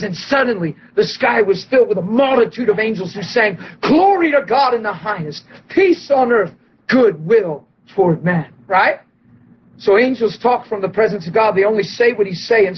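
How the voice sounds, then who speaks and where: A man preaching and telling a story, animated and excitable, acting out quotes and laughing often. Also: high voice, dull audio, slight background noise. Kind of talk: sermon storytelling.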